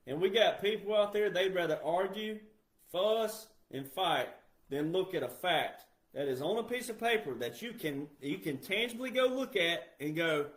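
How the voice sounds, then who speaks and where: A man's voice: a little high, expressive, normal speed. A man who makes country music, on a heated, emphatic rant that keeps repeating its points. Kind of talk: impassioned rant. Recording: roomy echo.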